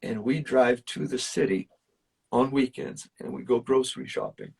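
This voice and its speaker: Husky, gravelly man telling stories off-mic. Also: medium pitch, big pitch swings, moderate pace, a little mellow, recorded from a distance. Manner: earnest, emphatic storytelling with many fillers. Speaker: musician guest. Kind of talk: casual storytelling.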